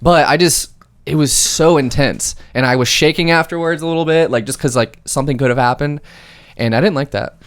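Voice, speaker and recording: Brief: quick-talking male podcast co-host, animated and laughing. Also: on the high side. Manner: animated storytelling, laughs often. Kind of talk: casual chat.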